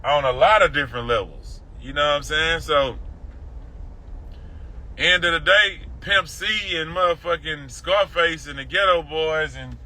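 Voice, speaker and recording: A man's voice: fairly high pitch, a little slow, bright, forceful tone, rough recording. A man with a Houston accent hosting a casual livestream from his car while driving, in laid-back, profane, rambling street talk. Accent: Houston, Texas. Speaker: livestream host. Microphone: phone.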